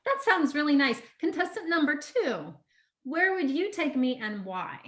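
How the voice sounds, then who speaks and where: Woman, high lively voice, sweet, earnest, dating-show contestant, improv role. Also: normal speed. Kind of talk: improv comedy over a video call.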